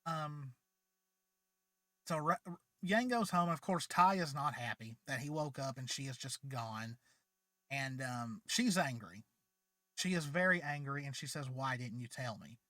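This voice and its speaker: A man's voice: a little high, a little slow, long pauses, bright, forceful tone, dry recording. A man with a slightly raised voice retells a story in a loose, rambling way, full of ums and restarts. He sounds tired, and the sound is dry and close. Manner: chatty, rambling, frequent fillers and restarts. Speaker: channel host. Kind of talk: casual spoken retelling of a fan story.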